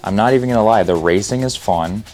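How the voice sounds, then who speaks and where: A man's voice: lowish voice, fast, darkish tone, soft background music. A man in his thirties hosting a casual, unscripted retro game video, slangy and enthusiastic, who often stumbles and restarts his words. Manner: stumbles and restarts, says he stutters a lot; laid-back slangy enthusiasm. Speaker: retro gaming video host.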